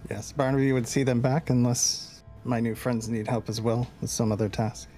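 A man's voice: mid-range voice, steady tone, moderate pace, mellow, natural voice. A man voicing a polite young male rabbit-folk who hopes to be a bard, speaking from away from the mic over faint music. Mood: earnest.

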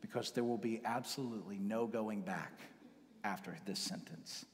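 A male pastor preaching a conversational sermon in a church, now and then dropping to a hushed whisper for emphasis. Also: fairly low pitch, moderate pace, slight background noise. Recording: long hall reverb.

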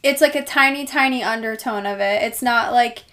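A woman's voice: fairly high pitch, moderate pace, fairly bright tone. A young woman with a New Jersey accent co-hosting a casual podcast, upbeat and giggly. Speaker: podcast co-host. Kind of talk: casual chat.

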